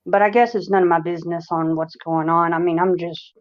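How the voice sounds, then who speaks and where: A woman with a Southern American drawl, talking in a casual, halting way and repeating herself as she goes. Her voice sits fairly low, and the sound is dull and lo-fi. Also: fairly even intonation. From United States. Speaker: viewer joining a live stream. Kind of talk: casual chat.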